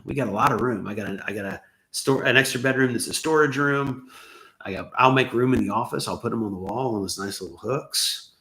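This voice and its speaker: A rambling American man with a faint Southern accent under a Los Angeles one, talking casually on a livestream. His voice sits low and gravelly, worn from a lot of talking, and he keeps slipping in self-deprecating jokes. He is recorded in an echoey room. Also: sharp tone. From United States. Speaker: channel host answering viewer questions. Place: his home.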